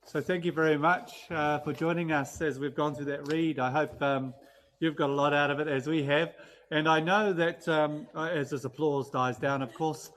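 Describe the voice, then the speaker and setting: Kiwi man hosting, halting and grateful. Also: a little high, fairly even intonation, fairly bright tone. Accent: New Zealand. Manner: hesitant, many ums, grateful. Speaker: director and host of the reading. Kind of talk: stage directions and live thank-yous.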